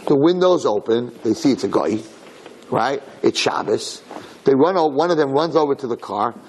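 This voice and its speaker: A man telling a religious story in a dramatic, animated way, acting out the characters. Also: medium pitch, normal speed, slight background noise. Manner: lively, dramatic, acts out characters.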